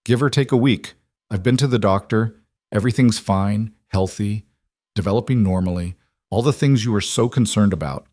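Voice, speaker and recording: A man's voice: fairly low pitch, moderate pace, darkish tone, dry recording, clean studio sound, close to an everyday voice. A man voicing a defiant pregnant young wife, cutting and bitter, in an audiobook reading.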